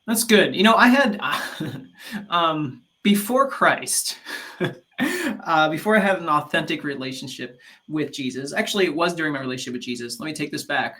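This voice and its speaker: A man with a bright, ringing voice that sits a little high, co-hosting a relaxed faith-focused talk show. He tells his stories with animation and keeps stopping to restart his sentences. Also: normal speed. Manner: animated storyteller, many restarts. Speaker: podcast co-host. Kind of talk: casual faith-based chat.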